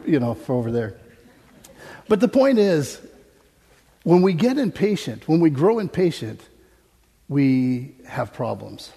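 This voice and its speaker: American man, sermon, humorous anecdotes, mellow voice, long hall reverb. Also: fairly high pitch, creaky, breathy edge. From United States. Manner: humorous, anecdotal, laughs often. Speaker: preacher. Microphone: stage microphone.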